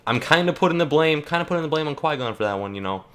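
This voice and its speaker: A man's voice: a little high, expressive, rapid-fire, fairly bright tone. A young man ranting jokingly and rambling while he plays a video game, full of fillers and restarts. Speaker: gaming YouTuber. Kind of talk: casual rant while playing.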